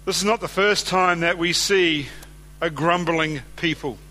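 A man's voice: a little high, unhurried, bright, forceful tone. A man preaching a sermon, reading scripture aloud and speaking conversationally, often putting questions to his listeners.

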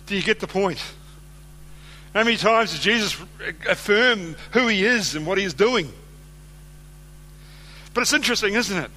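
A man's voice: high-pitched, expressive, moderate pace, long pauses, pushed and bright. A man preaching a sermon, reading scripture aloud and speaking conversationally, often putting questions to his listeners.

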